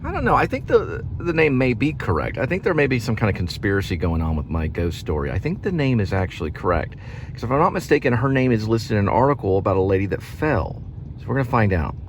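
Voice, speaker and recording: A man hosting his own channel, talking casually to the camera in a rambling, repetitive way, restarting sentences and slowly spelling out names. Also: fairly low pitch, sing-song, a little hiss or hum. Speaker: independent filmmaker and channel host.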